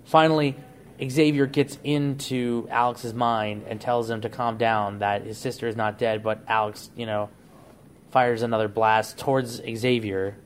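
Talking at an unhurried pace with a flat delivery, this medium-pitched man rambles through a plot idea on a podcast where he's a co-host. He keeps restarting and dropping "like," and there's slight background noise.

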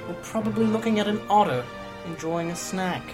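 A man's voice: sits high, fairly quick, over music, voice pushed up, lightly acted. A man doing a stiff British newsreader. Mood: mock-formal. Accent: put-on British. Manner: formal mock news delivery.

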